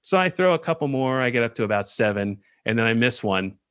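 A podcast host tells a self-mocking story in a bright, forceful voice. His pitch swings widely as he animates the telling. The sound is dry and close. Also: expressive, fast talker, clear, resonant tone, no room sound. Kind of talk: comedic storytelling.

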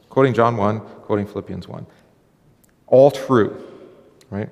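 Gravelly low-voiced pastor in a reverberant hall. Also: male voice, measured pace, pauses often, darkish tone. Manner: conversational, acts out dialogue, frequent fillers and restarts. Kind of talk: conversational sermon.

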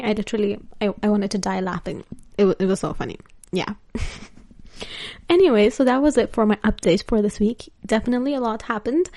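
A woman's voice: on the high side, a little mellow. A young woman vlogger telling a story in casual chat, laughing often and using lots of filler words.

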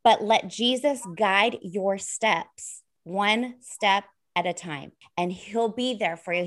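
A woman's voice: medium pitch, fairly bright tone. A woman telling a long, earnest story of a pilgrimage in casual chat, rambling with many fillers.

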